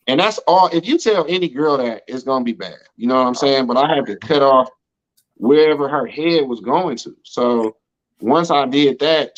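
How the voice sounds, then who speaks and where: A man's voice: mid-range voice, lo-fi sound. An American man casually telling stories in an interview, loose and slangy, always checking in with "you know what I'm saying.". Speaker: interview guest. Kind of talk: casual storytelling chat.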